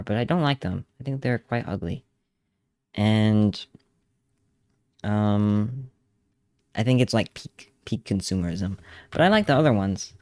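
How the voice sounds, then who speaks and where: With a lowish, gravelly voice and a darkish tone, a young man rambles and laughs on a casual livestream while drawing, humming along to songs now and then. There's no echo.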